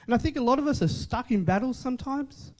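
A man's voice: very high voice, expressive, quick pace, a little mellow. A man preaching a sermon in a conversational way, repeating short phrases for emphasis and asking the congregation questions. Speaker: pastor.

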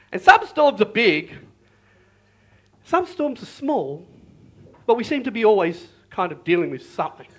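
A male pastor preaching a sermon in a lively, repetitive way, often calling out to the congregation. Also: extremely high pitch.

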